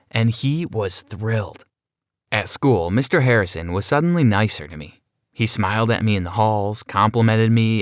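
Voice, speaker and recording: A man narrates a first-person story in a plain, conversational manner. His voice sits low. The recording is close and dry, with no room sound. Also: no room sound.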